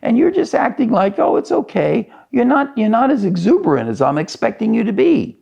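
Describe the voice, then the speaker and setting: An indignant older brother pleads with his father in a high, strained voice, as a preacher acts him out. The gravel in his voice stays even as the pitch climbs. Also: a little fast, lo-fi sound, full character voice. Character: upset proud older brother, young man.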